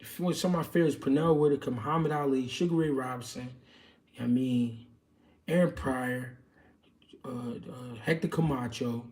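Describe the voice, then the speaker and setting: A man's voice: medium pitch, normal speed, a little mellow, far from the mic. A man hosting a livestream, answering viewer questions in casual, slangy boxing chat with loose street talk and many fillers.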